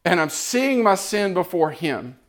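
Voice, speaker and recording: A man's voice: high-pitched, big pitch swings, measured pace. A man giving an impassioned, earnest sermon testimony, repeating phrases as he builds.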